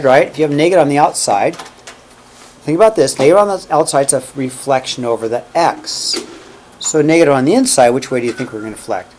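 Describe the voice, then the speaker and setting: A man's voice: medium pitch, brisk, darkish tone, slight background noise. A man teaching a math class in a classroom, walking through each step aloud and checking in with "okay?" and "right?". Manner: counts out steps aloud while working. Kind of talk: classroom lecture.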